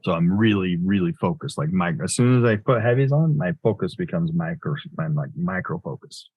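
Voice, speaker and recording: A man's voice: low-pitched, animated, a little fast, slightly rough, dry recording, phone-quality sound. A man giving live commentary on his trades as he makes them, thinking aloud in a loose way that corrects itself as he goes.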